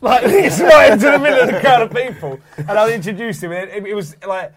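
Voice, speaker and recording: A man's voice: high voice, quick pace, a crowd in the background. A man, co-hosting a casual chat and telling stories with lots of laughter. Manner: animated, laughing storyteller. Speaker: podcast co-host.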